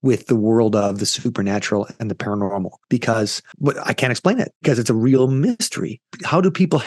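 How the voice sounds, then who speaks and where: A man's voice: on the low side, fairly quick, no echo, clean studio sound. A man telling a ghost story in an interview, rambling with fillers and quoting the people in it. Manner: rambling, animated retelling with quoted voices and fillers. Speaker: ghost tour company founder, guest.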